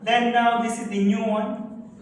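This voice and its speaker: A man's voice: very high voice, level tone, measured pace. A male lecturer teaching a class, prompting students to finish his sentences with fill-in-the-blank questions. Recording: very echoey room from far off, faint noise.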